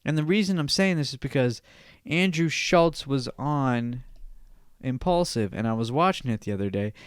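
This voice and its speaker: Young male podcaster, smooth clear voice, dry close sound, swears and rambles, solo casual rant. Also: medium pitch, lively intonation, moderate pace, dry recording. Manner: profane, rambling, repeats himself. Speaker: podcast host.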